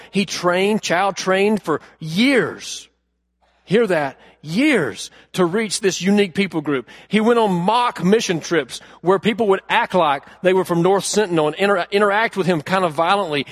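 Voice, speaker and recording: A man preaching a sermon, telling a story earnestly and asking the congregation questions, moving from loud emphasis to hushed lines. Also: sits high, no room sound, clean studio sound. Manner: addresses the congregation directly with questions. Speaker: pastor.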